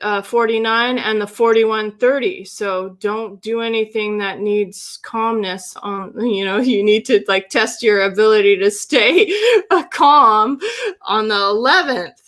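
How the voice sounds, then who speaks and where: A woman's voice: medium pitch, fairly even intonation, unhurried, few pauses, fairly bright tone. A woman giving a human design reading on a livestream, affirming and meandering, with frequent restarts. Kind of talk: livestream reading, casual chat.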